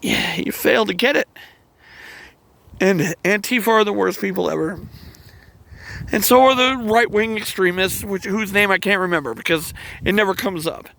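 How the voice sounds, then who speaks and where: Guy with kinda high voice ranting on his channel, swearing a lot, sighing, all worked up. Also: moderate pace, gravelly, long pauses, pushed and bright. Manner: angry, profane ranting with sighs and restarts. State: emotional. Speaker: channel host. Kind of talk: heated monologue to camera.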